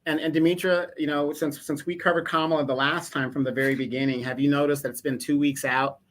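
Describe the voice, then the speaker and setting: Pointed man with a bright voice. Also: a little high, flat delivery, quick pace, slight background noise. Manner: pointed, rhetorical questions. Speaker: livestream co-host. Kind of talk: casual political commentary.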